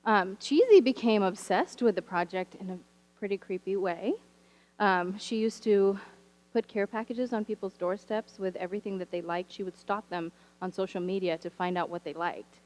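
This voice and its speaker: A woman teacher telling stories from her classroom in a church sermon, animated and wry, with humorous asides. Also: mid-range voice, normal speed, rough recording. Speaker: teacher sharing a story from the pulpit. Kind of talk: storytelling sermon. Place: church sanctuary.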